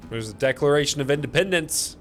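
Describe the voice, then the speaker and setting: This gameplay streamer sounds a little high, animated, fast and fairly bright, yet he's tired and gives laid-back, sleepy commentary. He laughs easily and curses as he plays.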